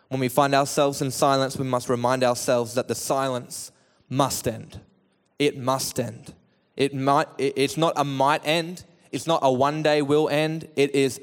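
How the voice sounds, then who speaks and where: A man preaching a sermon who moves from quiet, measured teaching to loud, half-sung calls. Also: medium pitch, smooth. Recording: echoey hall with long reverb.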